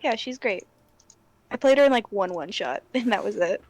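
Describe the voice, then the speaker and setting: A woman's voice: medium pitch, expressive, brisk, darkish tone, no room sound. A woman chatting at a tabletop game table as a player, talkative and laughing often. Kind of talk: casual chat at a game table.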